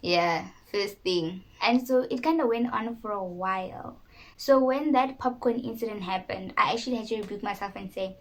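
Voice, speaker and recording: A woman's voice: mid-range voice, normal speed, rough recording. Chatty young South African woman vlogging. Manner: chatty, candid, self-mocking. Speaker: YouTuber. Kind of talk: casual talk to camera.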